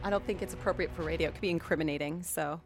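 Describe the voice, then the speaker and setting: A woman's voice: deep voice, racing, music in the background. A woman co-hosting a casual radio chat, teasing her partner and laughing often. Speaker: radio co-host.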